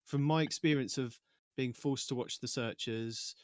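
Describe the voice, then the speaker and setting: A man's voice: medium pitch, steady tone, moderate pace, no echo. A man co-hosting a gaming podcast, wry and protesting in a casual chat with dry humor. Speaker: podcast co-host.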